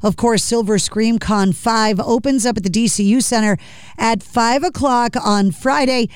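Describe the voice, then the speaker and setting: A woman radio host speaks in a smooth, resonant voice. The sound is dry and close. She is chatty and quick to react. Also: fairly high pitch, no echo. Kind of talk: radio interview hosting.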